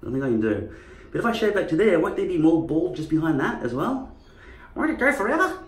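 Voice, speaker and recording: A man's voice: on the high side, very animated, fast, darkish tone. A man vlogging in casual chat, rambling and profane. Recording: echoey room.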